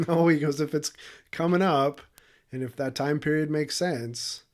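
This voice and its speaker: A man's voice: a little high, measured pace. Candid, profane man telling a story. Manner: candid, profane, emotional, laughs often. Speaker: podcast co-host. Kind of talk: casual storytelling chat.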